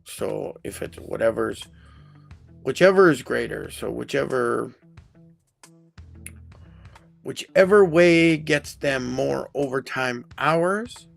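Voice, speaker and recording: Gravelly, slow-talking man explaining HR rules. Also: medium pitch, faint music behind. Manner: rambling, self-correcting, chatty. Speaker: HR consultant host. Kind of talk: casual live-stream explainer.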